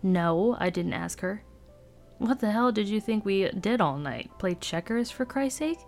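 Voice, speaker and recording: A woman's voice: mid-range voice, lively intonation, measured pace, faint music behind. A woman reading aloud and voicing an arrogant, irritable teenage boy roommate with sneering, exasperated outbursts. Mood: dismissive.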